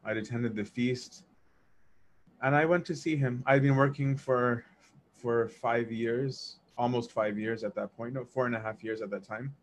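A man casually telling a personal story, animated, acting out dialogue and laughing as he goes. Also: medium pitch, unhurried. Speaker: storyteller recounting memories of a monk.

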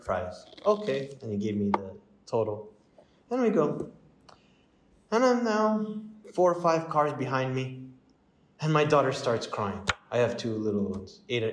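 A man's voice: medium pitch, echoey room, a little hiss or hum, low-quality recording. A man, a priest, telling stories in a sermon, acting out the voices of the people in them. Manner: animated storyteller, acts out voices in dialogue. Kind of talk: storytelling sermon.

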